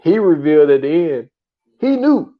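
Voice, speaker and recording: Man, podcast co-host, casual animated storytelling, profane, slightly muffled recording. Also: fairly high pitch, normal speed. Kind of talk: casual chat reviewing shows.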